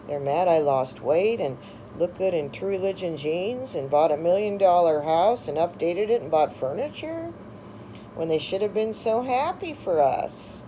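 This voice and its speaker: A woman's voice: fairly low pitch, expressive, normal speed, mellow, slight background noise, rough recording. A middle-aged woman, a former realtor, telling her own story in a rambling, aggrieved monologue full of fillers and restarts. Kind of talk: personal monologue.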